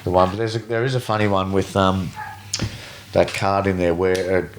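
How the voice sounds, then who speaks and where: A middle-aged Australian man with a fairly low voice tells stories in a loose, casual way. He swears freely and acts out the other people's lines with animated changes of voice. A faint hiss sits under the recording. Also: moderate pace. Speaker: guest, veteran BASE jumper. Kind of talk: casual storytelling.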